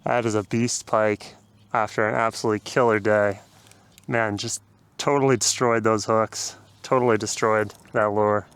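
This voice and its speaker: A man vlogging his fishing day outdoors on a river, talking casually to viewers with excited exclamations and laughter. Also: lowish voice, moderate pace, clear, resonant tone.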